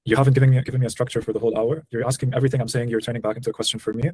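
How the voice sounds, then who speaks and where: A man's voice: mid-range voice, flat delivery, very fast, a little mellow, husky. A man in his twenties on a call as a prospective client, blunt, frustrated and confrontational. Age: 20s. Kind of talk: tense call conversation.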